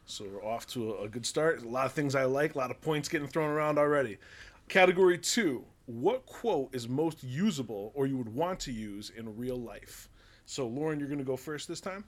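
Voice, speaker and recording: A man's voice: medium pitch, expressive, normal speed. Upbeat man hosting a podcast quiz. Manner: upbeat, laughs often. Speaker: podcast host running a quiz round. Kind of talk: casual podcast chat.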